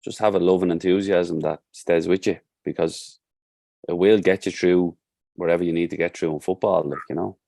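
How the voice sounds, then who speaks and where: A man's voice: low-pitched, steady tone, moderate pace, creaky, mellow, no echo, clean studio sound. A man with a Dublin accent, a football coach talking as a podcast guest and telling stories in an earnest, heartfelt way. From Ireland. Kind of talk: casual podcast conversation.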